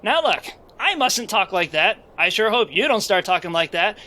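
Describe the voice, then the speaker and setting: A man's voice: high voice, big pitch swings, normal speed, sharp tone, exaggerated voice, rough recording. A man playing a bumbling, foul-mouthed male guardian angel in a jokey comedic script read-through. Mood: playful. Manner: crude, jokey, giggling. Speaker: player reading a script aloud.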